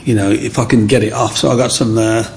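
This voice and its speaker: A man's voice: lowish voice, fast, creaky, a little hiss or hum. A middle-aged man, telling his life story as an interview guest and acting out the people in it. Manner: animated, acts out the people in his stories.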